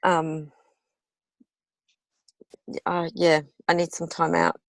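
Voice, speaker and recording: A woman with a very gravelly, creaky voice talks in an emotional, halting way and swears often. She speaks from inside her car over a video call, and the sound is dry and close. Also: fairly low pitch, monotone, no room sound. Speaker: student. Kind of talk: casual sharing in class.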